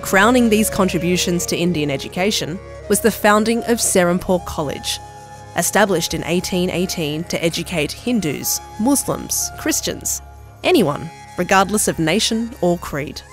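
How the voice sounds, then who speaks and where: A man with a notably high voice reads documentary narration in a measured, earnest tone. Faint music plays softly behind him. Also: animated.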